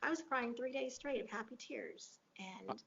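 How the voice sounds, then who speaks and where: A woman's voice: fairly high pitch, unhurried, gravelly, fairly bright tone. A woman guest in an interview, earnestly retelling a moving personal story and quoting what people said to her. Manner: earnest, emotional retelling with quoted dialogue. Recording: dull lo-fi audio.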